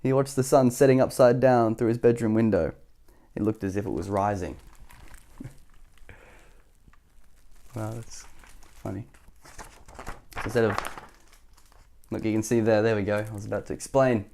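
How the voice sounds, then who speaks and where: A man reading a children's picture book aloud, gently, with chuckling asides. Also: on the low side, steady tone, normal speed, creaky, pauses often, a little hiss or hum.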